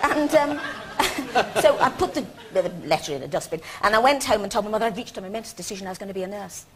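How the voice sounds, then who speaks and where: A woman's voice: medium pitch, animated, fast, crowd noise. A woman in her fifties, a guest on a chat show, telling self-mocking stories and laughing often.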